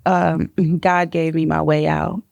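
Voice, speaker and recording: Woman panelist, conversational, low voice. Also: little pitch movement, slow, creaky, darkish tone, no room sound. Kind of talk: panel answer.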